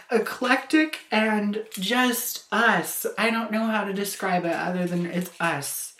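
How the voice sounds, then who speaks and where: A woman's voice: medium pitch, slow, a bit bright. A woman vlogger opening gifts in a casual chat, gushing and exclaiming, with laughs between her words. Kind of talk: casual gift-opening vlog. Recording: echoey room with faint noise.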